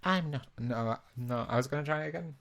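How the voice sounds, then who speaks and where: A young man hosting a live online quiz on his own from a small room. He reads the questions in a chatty, relaxed way, keeps the banter going, and jokes about his own efforts. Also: medium pitch, quick pace, creaky. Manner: chatty and self-mocking, laughs at his own attempts at impressions. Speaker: quiz host.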